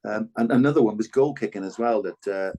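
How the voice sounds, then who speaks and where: An older man talks as a podcast guest, recounting his past in a candid, earnest way. His voice sits fairly low and he often stops and restarts mid-sentence. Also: fairly quick, warm tone, slight background noise. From Wales. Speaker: podcast guest, former rugby full back. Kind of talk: reflective conversational storytelling.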